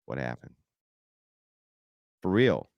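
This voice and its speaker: Deep, gravelly, mocking male host. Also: big pitch swings, slow pace, no room sound, lo-fi sound. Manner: mocking, profane and sarcastic. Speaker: streamer host. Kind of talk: sarcastic commentary.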